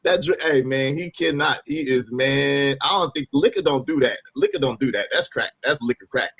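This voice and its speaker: A man hosting a live stream, reacting to a clip with loud, mocking commentary. He laughs often and repeats phrases for emphasis. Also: medium pitch, lively intonation, fairly quick, hardly any pauses, husky. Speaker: livestream host.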